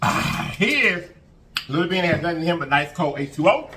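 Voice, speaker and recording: A man's voice: fairly high pitch, fairly quick. A man hosting an eating show, chatting casually to viewers and humming as he eats. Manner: animated, sing-song hype, lots of humming while eating. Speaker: mukbang host.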